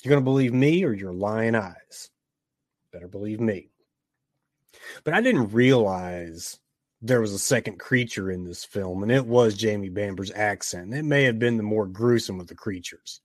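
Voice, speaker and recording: A man from Tennessee with a Southern US accent, casually reviewing a horror film with joking asides and drawn-out words for emphasis. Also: fairly low pitch, animated, no room sound, studio quality. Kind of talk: casual movie review commentary.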